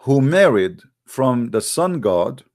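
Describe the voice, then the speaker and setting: A man with a middle-pitched voice gives a heated online talk, repeatedly pressing his listeners with rhetorical questions. He calls the audience guys, speaks with non-native grammar, and often restarts his sentences. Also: sing-song, slow pace, a little mellow. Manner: addresses the audience directly as guys. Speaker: religious debate speaker.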